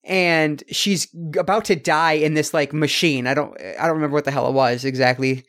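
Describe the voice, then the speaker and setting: A man in casual podcast chat with a somewhat high-pitched voice. He rambles through his points and fills the gaps with ums and restarts. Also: fairly even intonation, moderate pace, fairly bright tone. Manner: rambling, many fillers and restarts. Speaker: podcast co-host. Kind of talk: casual film review chat.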